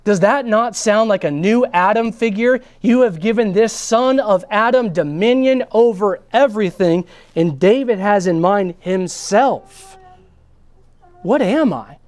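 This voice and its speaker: A man preaching a sermon in an earnest style, his voice rising on key words and dropping to a hush. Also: sits high, no echo. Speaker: pastor.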